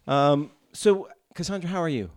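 A man's voice: a little high, normal speed, darkish tone, clear, resonant tone. A man co-hosting a casual podcast chat, wry and dry, cracking jokes and checking in on the others. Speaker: podcast co-host.

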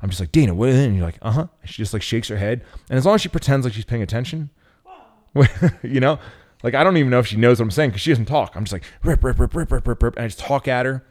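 A man hosting a podcast, telling stories in a loose, profane, animated way. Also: medium pitch, fast talker. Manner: profane, rambling, animated storytelling. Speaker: podcast host. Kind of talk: casual podcast chat.

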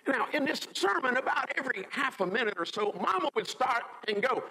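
A man, a pastor, telling a story in a sermon, animated and acting out the quotes. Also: very high voice, brisk, hardly any pauses, long reverb tail, a little hiss or hum, rough recording.

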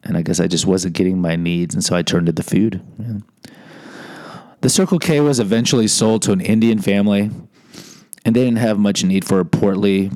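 A man's voice: fairly low pitch, a little mellow. A man hosting a podcast, telling a personal story in a candid, self-deprecating monologue with frequent restarts. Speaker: podcast host.

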